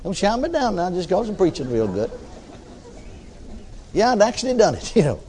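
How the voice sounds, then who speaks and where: A male preacher telling a story from the pulpit in a folksy, conversational manner. His voice sits a little high for a man and swoops up and down with lively movement. He laces the sermon with chuckling asides and keeps checking in with "you see". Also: moderate pace, slight background noise. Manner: many restarts and filler tags like "you see".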